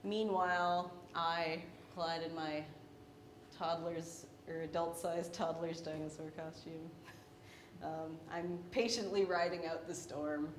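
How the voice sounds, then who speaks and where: A woman's voice: steady tone, slow pace. A young woman artist talking through her paintings in a wry, self-deprecating way, laughing between points. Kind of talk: artist talk about her work. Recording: echoey room with faint rumble.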